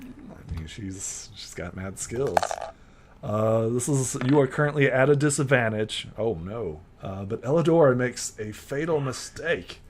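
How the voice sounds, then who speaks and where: A man running a tabletop game in a loose, chatty style, with a very animated, swinging pitch. He giggles often and fills pauses with ums and uhs, over a faint background hiss. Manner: casual, giggly, many fillers. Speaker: game master.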